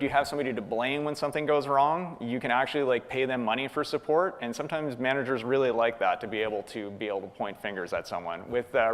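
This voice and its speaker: A man from Canada speaking at a tech conference, casually answering audience questions with frequent ums and uhs. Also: medium pitch. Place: conference hall. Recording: long hall reverb.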